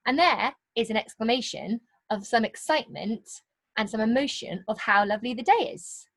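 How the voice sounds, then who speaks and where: A woman teaching young children in a recorded lesson, encouraging and sing-song, stretching key words out slowly. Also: a little high, fairly bright tone. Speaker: primary school teacher.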